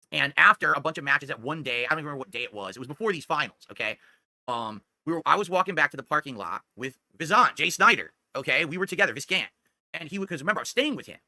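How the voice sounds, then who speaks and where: A man's voice: on the high side, bright, forceful tone, no echo. A man in a played clip, telling a personal story in a defensive, rambling way.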